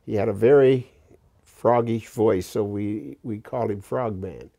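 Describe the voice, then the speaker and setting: A man's voice: fairly low pitch, measured pace, gravelly, dark tone. An elderly man in his eighties, a war veteran, recounting his experiences in a blunt, plain-spoken documentary interview. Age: 80s. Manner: plain-spoken, blunt storytelling with occasional profanity.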